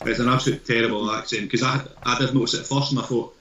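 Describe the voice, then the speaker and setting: A man's voice: medium pitch, steady tone, fast talker, few pauses, fairly bright tone, muffled recording. A man gives his view on a film during a casual podcast chat, tripping over his words and swearing now and then. His voice is in an ordinary middle range. The room around him rings with echo. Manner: hesitant, stumbling, sweary. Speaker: podcast panelist. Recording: roomy echo.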